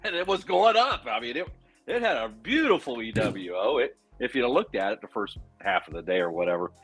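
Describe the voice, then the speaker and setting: A man's voice: mid-range voice, big pitch swings, fairly quick, fairly bright tone, slightly rough, soft background music. A man on a trading panel, telling a long rambling story in casual chat and correcting himself as he goes. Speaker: trader on a panel.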